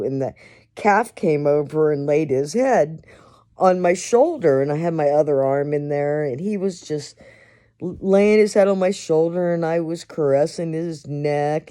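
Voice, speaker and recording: A woman's voice: deep voice, mellow. A middle-aged woman telling stories in a casual monologue, laughing often and swearing freely. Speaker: host.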